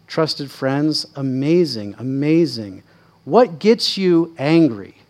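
A man preaching a conversational sermon at a church service, casual and direct, with quick asides. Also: medium pitch.

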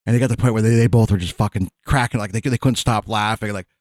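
A man's voice: fairly low pitch, fairly even intonation, fast talker, no echo, studio quality. A man in casual chat, telling long rambling stories full of fillers and restarts, laughing as he goes. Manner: rambling storyteller, many fillers and restarts, laughs mid-sentence.

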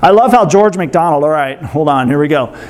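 A man's voice: fairly high pitch, lively intonation, a little fast. A male pastor preaching a sermon, teaching and asking the congregation questions.

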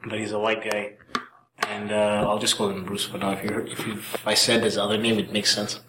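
A man's voice: fairly low pitch, completely flat delivery, brisk, noisy background. A man telling a casual, rambling story as a podcast guest, swearing freely and acting out the lines of people in it. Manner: rambling, profane, acts out quoted dialogue. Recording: roomy room sound.

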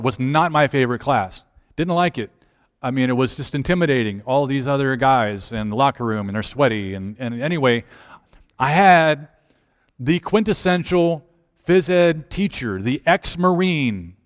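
Man pastor, lively storyteller, slightly high voice, long hall reverb. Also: smooth. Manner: animated storyteller acting out quoted voices. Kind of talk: storytelling sermon.

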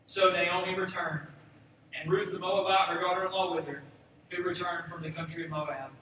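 A male pastor reading scripture aloud and preaching a sermon, with relaxed, joking asides to his congregation. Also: high voice, moderate pace, a little hiss or hum. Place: church sanctuary. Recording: echoey hall, mic at a distance.

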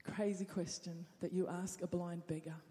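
A woman preacher delivers a dramatic sermon, dropping to hushed tones and then building to loud appeals. Her voice fills a church hall with a long trailing reverb. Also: lowish voice, flat delivery, moderate pace.

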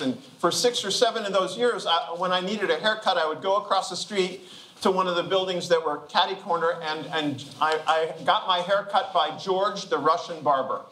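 A man's voice: high-pitched, sharp tone. An older man preaching a chatty, joking sermon in a church, laughing between phrases. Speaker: guest preacher. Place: church sanctuary. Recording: echoey room with background noise.

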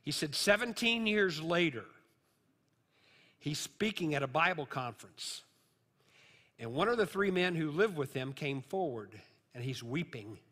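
A man's voice: fairly high pitch, sing-song, measured pace, pauses often, bright, forceful tone. A male pastor preaching a sermon, telling a story and then building to emphatic, rising appeals. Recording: long hall reverb.

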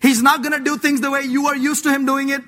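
A male preacher giving an animated, playful sermon, acting out voices, laughing and mixing scripture with casual slang. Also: very high voice, fast. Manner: mixes scripture with slang like "dude".

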